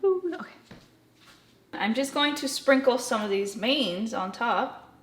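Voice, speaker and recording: A young woman rambles cheerfully through a home cooking vlog, joking at her own expense. Her voice sits fairly high and swoops up and down a lot. Loud frying noise and room echo fill the kitchen around her. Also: animated, a little slow. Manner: chatty, rambling, self-deprecating asides. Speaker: vlogger. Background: food sizzling and stirring.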